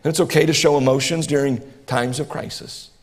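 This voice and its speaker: A man's voice: medium pitch, fairly even intonation, fairly quick. A man, preaching a sermon as pastor, earnest and repetitive, rising to impassioned bursts. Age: 40s. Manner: earnest, repeats phrases, rises to impassioned bursts. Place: church sanctuary. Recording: reverberant church hall.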